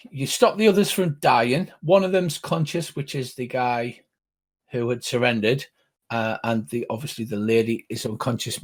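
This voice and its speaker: An older man acting as game master, narrating a tabletop game with a relaxed, wry manner and small hesitations. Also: mid-range voice, husky.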